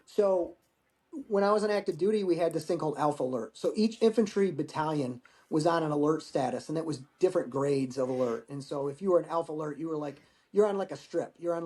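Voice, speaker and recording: A middle-aged man, a guest talking over a remote call, telling war stories in a profane, animated way. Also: on the high side, quick pace. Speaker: guest, Marine veteran. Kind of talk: casual storytelling interview.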